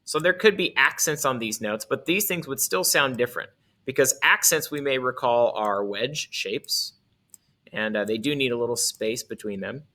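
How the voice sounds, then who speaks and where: A man's voice: mid-range voice, moderate pace, pushed and bright. A male music teacher explaining articulation in a casual way, correcting himself as he goes and demonstrating on his instrument.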